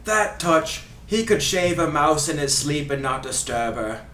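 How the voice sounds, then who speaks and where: A man's voice: fairly high pitch, animated, measured pace, fairly bright tone, slight background noise. A man doing a fake Scottish accent as a flowery, over-the-top soccer commentator, with theatrical delivery. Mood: gushing. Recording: echoey room, mic at a distance.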